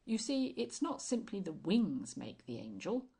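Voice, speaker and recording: A woman's voice: medium pitch, very animated, measured pace, vocal fry, warm tone, breathy edge, full character voice. A woman voicing a smug, self-satisfied male village doctor in an audiobook, pompous and insistent. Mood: smug insistence.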